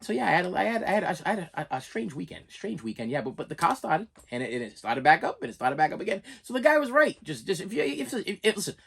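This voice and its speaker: A man's voice: high voice, very animated, fast talker, gravelly, hardly any pauses, fairly bright tone, breathy edge. A man ranting on a vlog, exasperated and stammering with repeated words. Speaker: YouTube reviewer.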